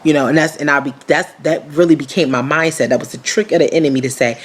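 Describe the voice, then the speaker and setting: A woman in her twenties shares a candid personal testimony, frank and animated, using slangy speech packed with fillers and acting out the voices in her story. Her voice sits low, and she talks fast with hardly any pauses.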